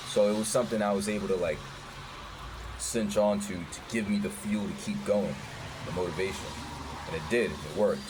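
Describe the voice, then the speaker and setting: Deep-voiced man telling his story, profane. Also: fairly quick, noisy background. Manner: profane, candid, animated retelling. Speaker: former doctor telling his life story. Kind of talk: casual storytelling.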